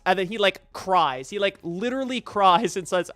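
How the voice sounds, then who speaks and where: A man hosts his live stream and reacts out loud in a rambling, excitable way, swearing freely. His voice sits high, close to the mic, dry and without room sound. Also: moderate pace, hardly any pauses, no echo, soft background music. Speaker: streamer and host.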